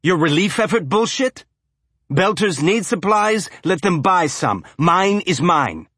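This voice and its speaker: A man voicing a furious male cargo ship owner who shouts and curses. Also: high voice, sing-song, unhurried, husky, dry recording, clean studio sound, pitched above the performer's own voice, exaggerated voice. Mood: enraged. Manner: shouting, cursing.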